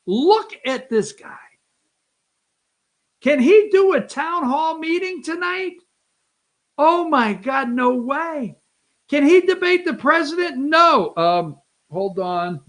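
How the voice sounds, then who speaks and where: A host giving casual, mocking commentary over video clips, animated and talking straight to viewers. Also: high-pitched, slow pace, long pauses.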